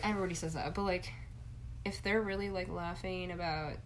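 A woman's voice: on the low side, steady tone, fairly quick, a little hiss or hum. A young woman in casual chat, blunt and crude, swearing often and filling her talk with "like" while she quotes people in mock voices.

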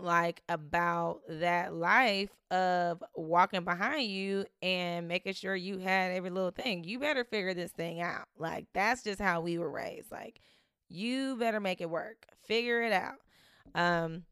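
A woman's voice: medium pitch, a bit bright, clear, resonant tone, no echo, studio quality. A woman, hosting a casual motivational talk, chatty and laughing often as she quotes herself talking to her kids.

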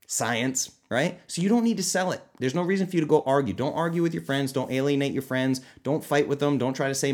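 A man hosting his own podcast as a nutrition coach, talking casually and animatedly, often jumping into high, excited mock voices. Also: fast, hardly any pauses. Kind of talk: casual solo podcast talk.

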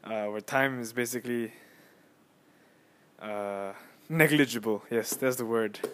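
A young man hosting a casual solo podcast on his phone, rambling and excitable as he tells a story with lots of fillers and restarts. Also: medium pitch, unhurried, clear, resonant tone. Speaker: podcast host.

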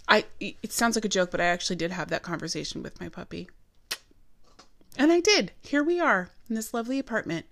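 A woman vlogger telling a personal story at home in a chatty, animated way, with emphatic asides. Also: lowish voice, brisk. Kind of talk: casual storytelling. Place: her apartment.

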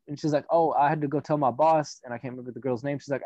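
A man's voice: fairly high pitch, racing, no room sound. A man telling a long story in casual chat, rambling and profane, acting out the people he quotes. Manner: rambling, profane, animated retelling with quoted voices. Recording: dull dry audio.

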